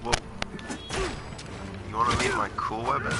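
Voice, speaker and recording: A gaming livestreamer rambles casually over game music while he plays, joking and poking fun at himself along the way. His mid-range voice stays fairly level in pitch and moves at a normal speed.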